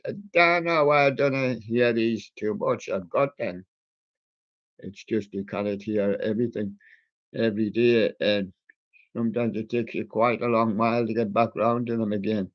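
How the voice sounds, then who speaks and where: A man hosts a music show, reeling off records and years in a loose, rambling, chatty way and slipping in puns on song titles. His fairly bright, mid-range voice comes through a dull, lo-fi recording.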